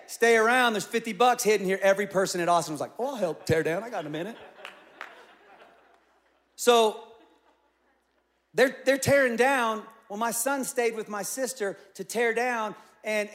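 Man, middle-aged pastor, sermon, storytelling, fairly high voice. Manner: storytelling, animated with acted-out quotes. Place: large church auditorium.

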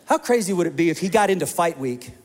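A man preaching a sermon as pastor, an animated storyteller who acts out the quoted voices. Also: fairly high pitch, fast. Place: church hall. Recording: long hall reverb.

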